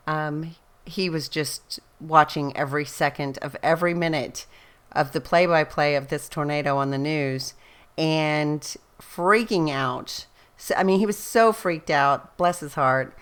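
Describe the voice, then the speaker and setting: A woman's voice: low voice, a bit bright, clear, resonant tone. A middle-aged woman, a scrapbooking vlogger rambling in casual, chatty storytelling and laughing often. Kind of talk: casual chat.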